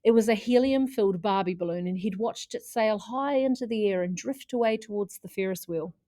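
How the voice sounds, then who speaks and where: A woman reading a children's chapter book aloud in a lively way, putting on voices for the characters. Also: medium pitch, no echo, clean studio sound. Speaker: audiobook reader.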